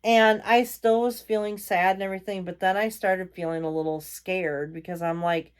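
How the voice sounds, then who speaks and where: A woman's voice: fairly low pitch, steady tone, moderate pace, hardly any pauses, clean tone. A woman vlogger telling a ghost story in a casual, rambling way, full of fillers and self-corrections. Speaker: vlogger host.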